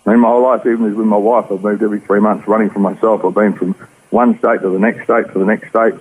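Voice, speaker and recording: An Australian man tells his story at a rapid clip, his low voice husky and rough. He talks in slang and plain words. The sound is thin and tinny, as over a phone line. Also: flat delivery. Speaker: interview guest. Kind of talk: personal testimony.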